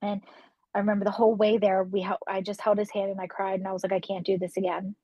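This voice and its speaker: A woman's voice: medium pitch, little pitch movement, fast, dark tone, no echo, lo-fi sound. A woman in her thirties telling a personal story on a podcast, emotional and acting out the voices of the people she quotes. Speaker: podcast guest. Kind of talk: casual interview storytelling.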